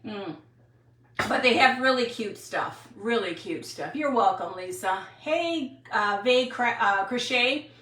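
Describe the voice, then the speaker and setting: A woman's voice: a little high, animated, slow, fairly bright tone. A woman in her sixties from Wisconsin, chatting casually and rambling as she hosts a craft livestream and answers viewers. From Wisconsin, USA. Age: 60s. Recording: roomy, mic at a distance.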